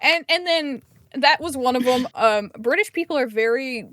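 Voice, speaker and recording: Chatty Minnesotan woman, higher voice. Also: lively intonation, moderate pace, very noisy. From United States. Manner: rambling storyteller, acts out quoted voices, swears freely. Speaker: podcast co-host. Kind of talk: casual comedic chat.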